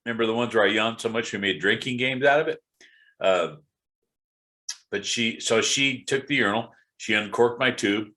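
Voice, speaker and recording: A man's voice: fairly low pitch, moderate pace, bright, forceful tone. A middle-aged man giving a rambling, candid personal update while sounding tired and congested. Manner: rambling, candid, many fillers and restarts. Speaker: video blogger.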